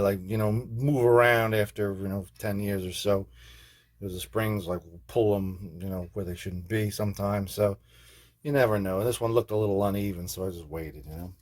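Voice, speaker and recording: In a hands-on guitar repair video, the host, a man with a fairly low, dark-toned voice, keeps up a loose, profane, rambling chat. He peppers it with fillers like "man" and "you know what I mean" and cracks himself up with his own jokes.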